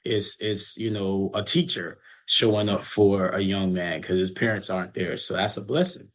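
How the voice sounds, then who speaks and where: A man's voice: low-pitched, fairly even intonation, normal speed. Earnest storytelling coach, a man. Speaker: college basketball coach. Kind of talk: casual chat.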